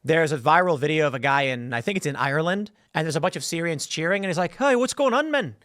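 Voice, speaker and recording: A man's voice: on the high side, fast talker, a bit bright, no room sound, clean studio sound. A man hosting a solo political commentary, rambling and repeating words as he reads headlines aloud.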